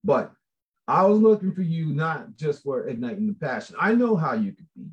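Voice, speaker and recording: A man talks casually about a shared book project, rambling from thought to thought. He is animated and laughs often. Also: on the high side, moderate pace, highs cut off. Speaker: book contributor. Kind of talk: casual chat.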